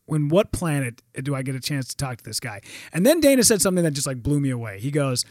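A man telling a long story in casual, animated fashion, swearing freely and acting out quoted lines. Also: medium pitch, brisk, hardly any pauses, no room sound, studio quality. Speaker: guest.

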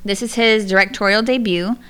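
A woman's voice: mid-range voice, steady tone, brisk, a bit bright, clean tone. A woman co-hosting a podcast, chatting casually and rambling through stories. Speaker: podcast co-host. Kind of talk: casual chat.

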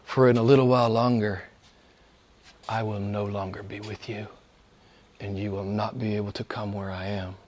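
A man preaching a sermon as pastor, moving between hushed, almost whispered lines and loud, emphatic passages. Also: on the low side, level tone, moderate pace, pauses often.

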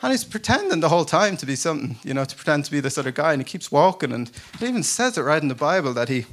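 Racing along in a slightly high voice with lively intonation, a male pastor preaches to his congregation during a church service. His sermon is conversational and story-driven, full of self-deprecating jokes and frequent laughter.

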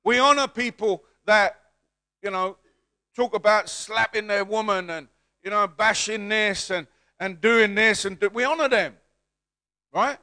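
High, bright-voiced man preaching a sermon. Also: measured pace, long pauses. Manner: call-and-response preaching, swelling to shouts. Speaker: pastor.

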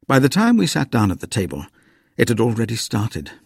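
A man reading a ghost story aloud in measured, quietly dramatic scripted narration. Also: medium pitch, huge pitch swings, gravelly, breathy edge, no room sound, studio quality.

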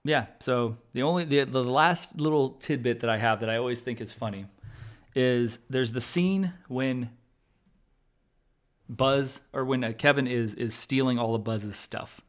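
A young adult man hosts a casual podcast chat, in a voice of middling pitch. He laughs often, swears freely, and jumps to loud outbursts when something bothers him. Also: measured pace. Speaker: podcast host.

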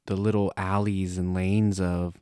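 A playful American man co-hosting a podcast, with a low voice. He chats casually and cracks jokes. The sound is dry and close. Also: little pitch movement, a little slow, clear, resonant tone, dry recording. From United States. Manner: playful, jokey, loud by his own account. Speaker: podcast co-host. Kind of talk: casual travel chat.

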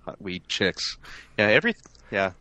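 A man's voice: lowish voice, very animated, moderate pace, pushed and bright, no echo. A man co-hosting a podcast in a casual, joking, laid-back manner. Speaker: podcast co-host. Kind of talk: casual chat.

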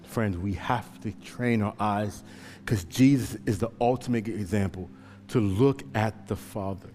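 A man preaching a sermon with passion, swinging from hushed, slow storytelling to loud pleading. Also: fairly low pitch, long reverb tail, slight background noise. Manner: impassioned, swings from hushed to shouting. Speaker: pastor.

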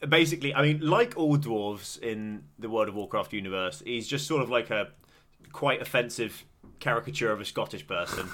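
Bright and forceful, with a medium pitch, this young English podcast co-host keeps things casual. He laughs a lot and rambles, frequently starting over.

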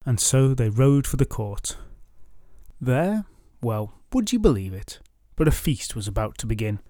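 A man's voice: mid-range voice, very animated, measured pace, dark tone, dry recording, studio quality. A young man retelling old myths with wry, jokey asides, as a storytelling podcast host. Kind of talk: comic myth retelling.

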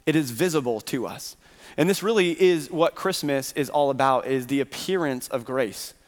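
A man's voice: mid-range voice, normal speed. A man preaching a Sunday sermon as pastor, earnestly posing rhetorical questions to his congregation. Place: church sanctuary. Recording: reverberant hall.

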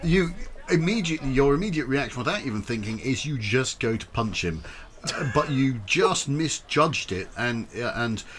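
A man's voice: medium pitch, lively intonation, moderate pace, fairly bright tone. A man narrating as game master of a tabletop game, rambling with ums and self-corrections.

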